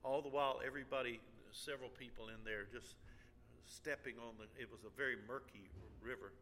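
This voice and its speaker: Older preacher telling a story, bright voice. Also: male voice, in a large hall, a little hiss or hum. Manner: animated storyteller, jumps high and loud when angry or excited; halting, restarts with um and uh. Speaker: pastor. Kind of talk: sermon storytelling.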